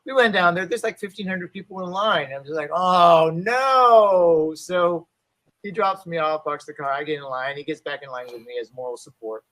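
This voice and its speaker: A man in his fifties tells a story as a guest on a talk show. His voice is bright and forceful, pitched somewhat high for a man. He rambles easily through fillers and acts out the people he quotes. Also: a little fast, low-quality recording. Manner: loose and chatty, full of fillers. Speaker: guest martial arts instructor and actor. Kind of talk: casual interview storytelling.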